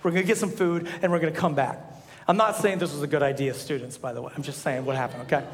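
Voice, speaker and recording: A young man preaching a sermon as a pastor, telling stories with animated energy and rising to shouts. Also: fairly high pitch, fast talker. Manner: animated storytelling, rises to shouts. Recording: echoey hall.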